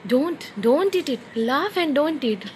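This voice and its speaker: A woman chats to her baby in playful, coaxing baby talk. Her voice sits high and leaps all over, and she keeps an unhurried pace. A faint hum of room noise sits behind the phone recording. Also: animated, a little mellow. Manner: playful, coaxing, sing-song questions. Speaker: parent talking to a baby.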